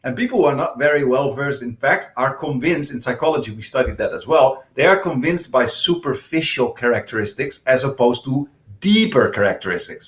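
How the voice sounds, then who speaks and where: A male panel guest in a political discussion, explaining his points earnestly with many hesitant restarts. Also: mid-range voice. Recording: echoey room.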